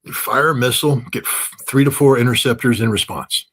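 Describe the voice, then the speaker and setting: A man's voice: mid-range voice, a little fast, a bit bright. A man speaking as a guest analyst in an interview, blunt and sarcastic and often joking. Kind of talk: animated interview commentary.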